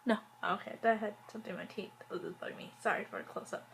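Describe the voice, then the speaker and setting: A woman with a gravelly, mid-range voice talks rapid-fire in a casual vlog reviewing a TV episode, heard through poor audio with slight background noise. She rambles, leaning heavily on "like" and fillers, with wry, exasperated asides.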